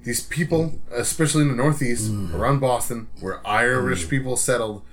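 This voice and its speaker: A man's voice: mid-range voice, normal speed, a bit bright. Profane ranting podcast guy. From Rhode Island, USA. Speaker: podcast co-host. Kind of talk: casual ranting chat.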